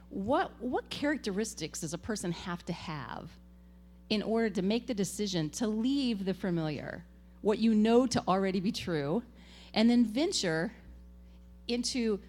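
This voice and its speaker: A woman giving a tribute speech at a gathering, telling animated stories and laughing often. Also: medium pitch, a little hiss or hum. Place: event gathering.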